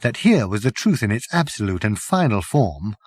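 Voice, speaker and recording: A man narrating an audiobook with expressive storytelling. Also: fairly low pitch, normal speed, breathy edge, no room sound, clean studio sound.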